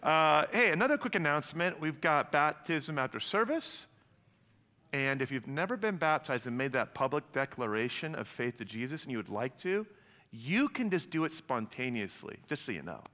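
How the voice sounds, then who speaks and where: A man's voice: on the high side, moderate pace. A man preaching a sermon as pastor, chatty and playful, joking with his congregation between announcements and scripture. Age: adult with young sons. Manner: lively, joking, conversational preaching. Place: church hall before a congregation. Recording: long hall reverb.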